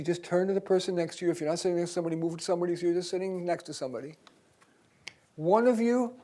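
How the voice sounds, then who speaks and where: An older man leads a seminar in a university auditorium with a voice pitched a little high for a man. He talks in a conversational, emphatic way, dropping to soft asides and then pushing key points out loud. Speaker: career coach leading a seminar. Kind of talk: lively seminar talk.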